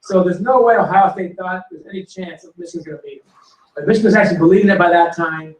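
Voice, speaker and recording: A man telling animated football stories to an audience and acting out quotes and punchlines. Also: high voice, fast. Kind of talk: storytelling to a live audience. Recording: roomy hall recording from a distance.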